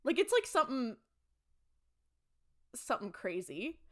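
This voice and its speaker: A woman's voice: on the high side, a little slow. A young woman co-hosting a podcast, recapping an episode in casual chat and acting out the characters' lines as she goes. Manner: animated storytelling, acts out characters' lines. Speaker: podcast co-host.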